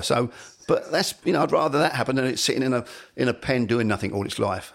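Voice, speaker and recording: A man's voice: mid-range voice, creaky, breathy edge. A middle-aged man telling rambling anecdotes as an interview guest, peppered with "you know". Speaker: falconer and guest. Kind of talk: anecdotal storytelling.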